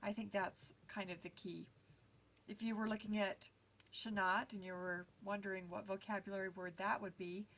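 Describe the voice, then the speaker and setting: A woman's voice: mid-range voice, fairly bright tone. A woman teaching a recorded lesson over slides, explaining patiently step by step with frequent small fillers.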